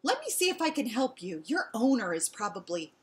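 A kind, motherly lady who speaks gently and sweetly, as a woman reading a storybook puts her on. Her voice sits high and rises in lively swoops. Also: fairly quick. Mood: gentle. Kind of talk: storybook read aloud.

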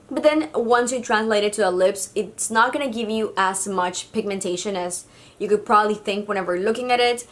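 A woman from Mexico with a Mexican Spanish accent, giving a chatty, gushing makeup review full of fillers. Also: mid-range voice. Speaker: beauty vlogger.

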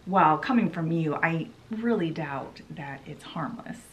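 Woman playing a gentle, patient fairy. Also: deep voice, expressive, measured pace, highs cut off, slight background noise, pitched below the performer's own voice. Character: kind, patient female fairy guide.

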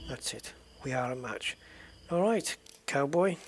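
A man hosting a let's play, quietly thinking aloud as he checks documents in a game. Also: medium pitch, lively intonation, unhurried, slight background noise. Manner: quiet, muttering thoughts aloud. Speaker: gaming channel host.

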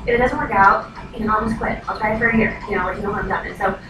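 A woman's voice: medium pitch, fairly even intonation, very fast. Chatty woman in an echoey room. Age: 30s. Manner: chatty, acts out quoted voices, says "like" often. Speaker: direct sales consultant. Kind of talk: casual training talk. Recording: echoey, noisy room from far off.

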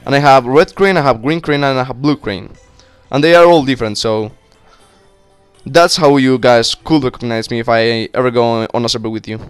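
A young man giving casual, excitable let's play commentary, swearing and talking to himself as he plays. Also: medium pitch, fairly quick, clean tone, dry recording, faint music behind. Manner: cursing, excitable, talks to himself. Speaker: gaming YouTuber.

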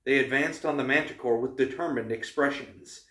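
A man reading a novel aloud for his channel, in steady narration with small stumbles. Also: mid-range voice, normal speed. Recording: roomy, distant mic.

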